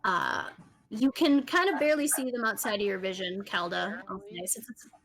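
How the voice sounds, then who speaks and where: A woman runs a tabletop game as dungeon master, describing rooms and tunnels. Her voice sits a little high and she keeps breaking into laughter as she narrates. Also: expressive, normal speed, fairly bright tone, poor audio. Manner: laughs often while narrating.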